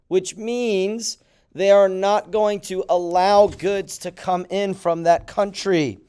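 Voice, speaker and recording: Animated, clear-voiced male teacher. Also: sits high, normal speed. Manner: animated, mock-surprised asides. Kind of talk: classroom lecture video.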